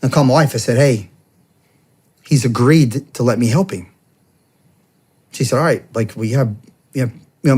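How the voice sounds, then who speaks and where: A man of middle pitch tells a painful family story as a podcast guest. He speaks earnestly and conversationally, voices the other people in the story as he quotes them, and stumbles and restarts as he goes. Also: darkish tone, slightly rough. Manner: acts out the quoted speech of others while telling the story. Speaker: podcast guest, former police officer. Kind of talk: emotional personal storytelling.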